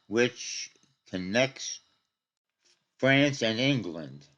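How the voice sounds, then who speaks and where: Low-voiced man narrating history, lo-fi. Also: fairly bright tone. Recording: dull lo-fi audio.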